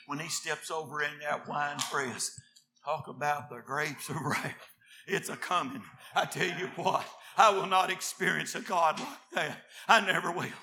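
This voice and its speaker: Male preacher, fiery sermon, high bright tone, slow deliberate delivery with shouted peaks. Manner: swings from low murmured scripture reading to shouted exhortation.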